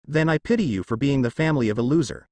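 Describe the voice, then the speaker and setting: A man's voice: mid-range voice, lively intonation, fast talker, darkish tone, no room sound, close to an everyday voice. A man voicing a rude teenage girl ninja who mocks and demands answers. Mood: mocking. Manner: mocking, demanding.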